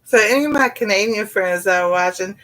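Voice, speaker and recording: A woman's voice: medium pitch, brisk, a bit bright. A woman with a Southern US accent chatting casually on a livestream as host of a cooking channel. She rambles in a folksy way, says "y'all" and laughs often.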